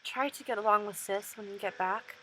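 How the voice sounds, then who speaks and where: Woman voicing a gruff kindly older man. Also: mid-range voice, a little fast, pushed and bright, slight background noise, natural voice, poor audio. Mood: encouraging.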